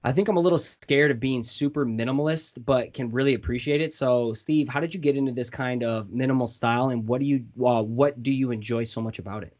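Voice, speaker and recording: A man's voice: mid-range voice, brisk, few pauses, a little mellow. A man with a Midwestern American accent hosting a casual interview podcast, laid-back and slangy, joking with his guests. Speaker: podcast host.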